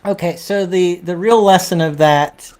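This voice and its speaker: A man hosting a casual conversation, talking haltingly with restarts and throat clearing. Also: high-pitched. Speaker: host. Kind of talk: casual chat.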